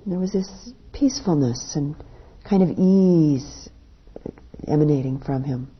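On a dull lo-fi recording, a woman meditation teacher shares a story in a dharma talk. Her voice is low-pitched with a breathy edge, unhurried, dropping gently at the close of each phrase.

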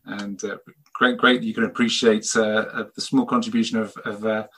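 Husky, bright-voiced man hosting an online talk. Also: fairly low pitch, little pitch movement. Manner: halting, many fillers and restarts. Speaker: host of an online book talk. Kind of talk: closing remarks and thanks.

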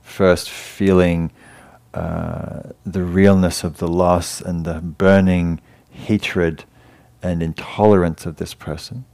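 Man, English accent, deep voice, meditation teacher, gentle dharma talk, halting pauses. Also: animated, gravelly. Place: meditation hall class.

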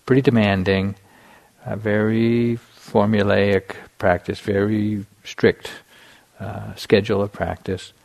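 A man in his middle years gives a meditation dharma talk, recounting his own practice in a loose, unhurried way. His voice sits low and carries a gravelly, slightly husky grain. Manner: relaxed storytelling with many restarts and fillers. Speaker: meditation teacher.

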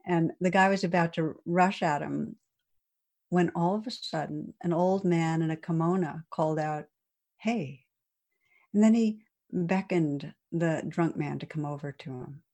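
Low, mellow-voiced woman giving a dharma talk. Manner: gentle, unhurried, with soft pauses and fillers. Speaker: meditation teacher.

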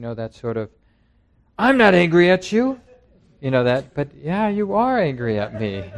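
A man leading a talk at a meditation center, speaking in a relaxed, reflective way to a seated group. His voice sits at an ordinary middle pitch, and he talks through a handheld mic that gets passed around the room. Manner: conversational and reflective, with acted quotes. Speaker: meditation teacher. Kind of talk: dharma talk with group discussion.

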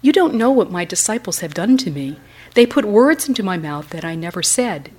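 A woman voicing a gentle, eager Buddha. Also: mid-range voice, very animated, brisk. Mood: rueful. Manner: eager, bright greeting. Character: the Buddha, warm gentle old male teacher.

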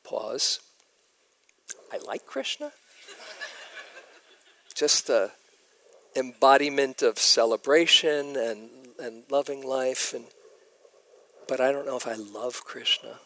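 A man giving a dharma talk as a meditation teacher at a retreat, telling stories in a gentle, reflective way. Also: mid-range voice, fairly even intonation, slow pace.

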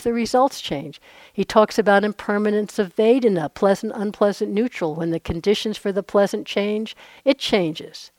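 Woman meditation teacher, mid-pitched, dry close sound, chatty and earnest dharma talk with asides. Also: a little mellow, no echo. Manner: conversational, with frequent asides. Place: meditation retreat center.

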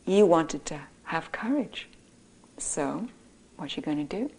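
A woman voicing a calm, wise talking rabbit guide in a told story, speaking quietly. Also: low-pitched, slow pace, breathy edge, heavily acted, rough recording. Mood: gently prodding.

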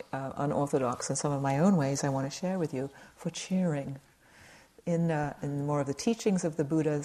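A woman teaching meditation speaks in a low, mellow voice. Her dharma talk at the retreat is gentle and conversational, and she addresses the audience with easy, light humor.

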